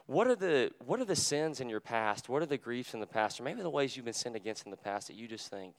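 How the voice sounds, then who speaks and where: A young man preaching a sermon in a conversational, animated way, full of fillers, and dropping to a hush for quoted words. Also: mid-range voice, quick pace, hardly any pauses. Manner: drops to a hushed voice when quoting Jesus.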